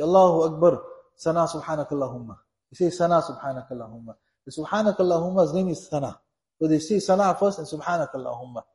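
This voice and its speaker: On the high side and dark in tone, a man's voice carries an Islamic sermon through an echoey room. He is earnest and exhorting, repeating his points to make them stick.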